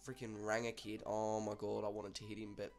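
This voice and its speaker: Young aussie guy, low gravelly voice, chatty swear-y storytime. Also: brisk, faint music behind. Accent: Australian. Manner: chatty, swears freely, animated retelling. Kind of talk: casual storytime commentary.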